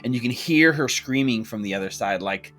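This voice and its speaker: A man's voice: medium pitch, expressive, brisk, a bit bright, faint music behind. A man narrating a tabletop game as game master, loose and full of fillers and restarts.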